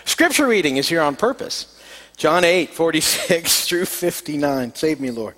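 Folksy pastor in an echoing hall. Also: male voice, on the high side, measured pace. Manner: folksy, hesitant with fillers, animated when telling a joke. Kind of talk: sermon with a joke and scripture reading.

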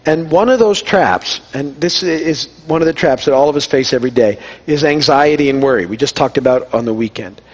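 A middle-aged pastor delivers an informal sermon at a medium pitch, talking a little fast with hardly any pauses. He shares personal stories and acts out the dialogue in a conversational, self-deprecating way.

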